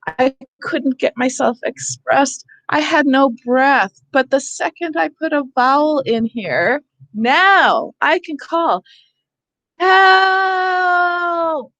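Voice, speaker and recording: A woman leading an online teacher workshop over a video call, animated and demonstrating sounds herself. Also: sits high, slow pace, no echo. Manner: animated, acts out calling for help. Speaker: teacher trainer.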